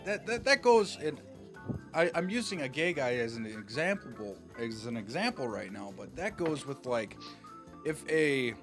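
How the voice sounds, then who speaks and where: Rambling young man with a lively voice. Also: mid-range voice. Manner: rambling, stammering, breaks into laughter and loud mock outbursts. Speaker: podcast co-host. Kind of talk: casual chat.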